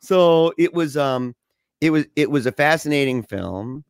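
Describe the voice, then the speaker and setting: Animated storytelling man, dry close sound. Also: on the high side, measured pace, clean tone, no echo. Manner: animated storytelling, slangy, laughs often. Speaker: podcast co-host. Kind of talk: casual chat.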